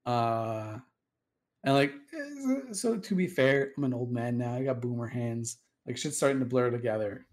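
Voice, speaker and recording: A man's voice: medium pitch, expressive, normal speed, a little mellow. A man tells a sprawling story in loose, casual chat. He swears freely and leans on fillers. He jumps into quoted dialogue as he goes. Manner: rambling, profane, acts out quoted dialogue with fillers. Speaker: storyteller guest recounting game history.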